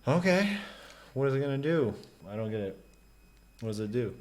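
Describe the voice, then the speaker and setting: A man co-hosting a reaction video, cracking deadpan crude quips. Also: medium pitch, normal speed, noisy background. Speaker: co-host.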